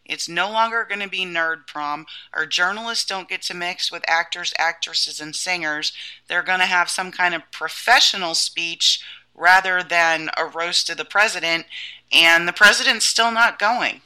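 Wry woman with a very bright voice. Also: lowish voice, smooth, poor audio. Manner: wry, dismissive, quick asides. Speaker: podcast co-host. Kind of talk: casual political chat.

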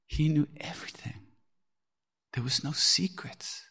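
Gravelly low-voiced man telling stories. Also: lively intonation, measured pace. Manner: candid, laughs often, swears casually. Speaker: podcast host. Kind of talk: reflective spiritual storytelling.

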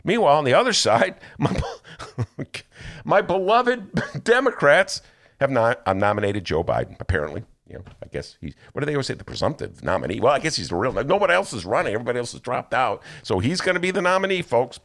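A man hosting a political talk show, sarcastic and animated, laughing often as he comments. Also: medium pitch, fast talker.

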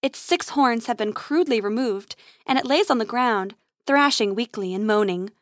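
A woman's voice: a little high, moderate pace, no echo, studio quality. Woman reading an adventure story aloud. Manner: lively, expressive read-aloud. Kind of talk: narrating a children's adventure story.

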